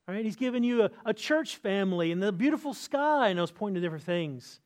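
Middle-aged guy pastor preaching, pretty high voice, slows way down to hit the big points. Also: lively intonation, darkish tone. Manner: earnest preaching, slows and lifts voice for emphasis. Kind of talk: sermon.

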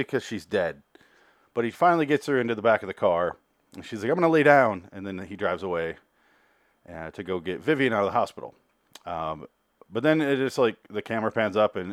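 A man's voice: fairly low pitch, no echo, studio quality. A man hosting a solo review podcast, recapping an episode in a rambling, profane, chatty way. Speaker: podcast host reviewing a TV series.

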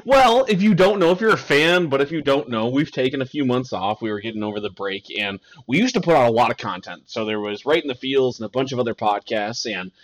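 A young man hosts a casual podcast chat, rambling through jokes and breaking into laughter mid-sentence. His voice sits at an ordinary middle pitch for a man. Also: animated, quick pace, few pauses. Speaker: podcast host.

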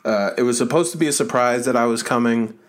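A man's voice: medium pitch, fast. A man in his thirties from Massachusetts, co-hosting a casual podcast in a rambling, laid-back way. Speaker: podcast co-host. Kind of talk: casual chat. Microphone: remote call mic.

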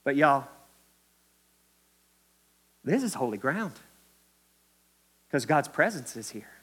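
A man's voice: medium pitch, slow pace, slightly rough. A male pastor preaching a sermon, acting out the quotes and speaking straight to the congregation. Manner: animated preaching, acts out quotes, addresses crowd as guys and y'all.

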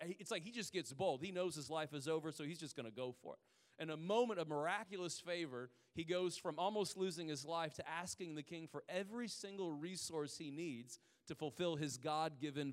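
Male pastor, high voice, conversational sermon, long hall reverb. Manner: conversational storytelling, drawn-out emphatic pauses.

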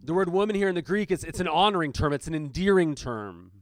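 A man's voice: on the high side, quick pace, dry recording. A man preaching a conversational sermon, reading scripture aloud and stopping to explain it with casual asides and fillers. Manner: shifts between reading aloud and lively commentary. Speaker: pastor.

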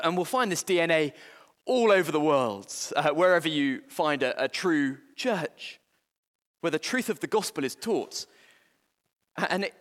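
Earnest preacher in a reverberant hall. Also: male voice, a little high, fairly bright tone. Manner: earnest, halting, many restarts and fillers. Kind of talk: sermon.

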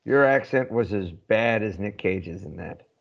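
A man with a lowish voice chatting on a podcast, dry and teasing, hedging often with fillers. The sound is a little dull and lo-fi. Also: expressive, a little slow, creaky. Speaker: podcast co-host. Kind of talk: casual chat.

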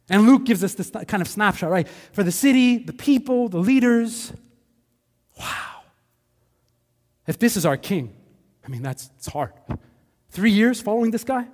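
A man with a Quebec accent preaching a conversational sermon as a pastor, animated and full of acted asides. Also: sits high, in a large hall. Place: church sanctuary.

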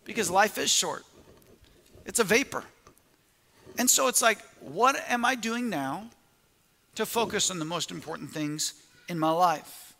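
High, bright-voiced man preaching. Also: unhurried, vocal fry, long pauses, long reverb tail. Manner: storytelling with repeated restarts and quoted asides. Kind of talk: sermon.

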